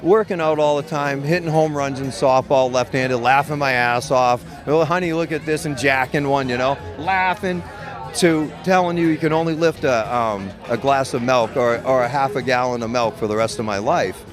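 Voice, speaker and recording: A middle-aged medical cannabis patient and grower tells his story in an interview, blunt, profane, and rambling, with many restarts. His mid-range voice moves at a moderate pace over music.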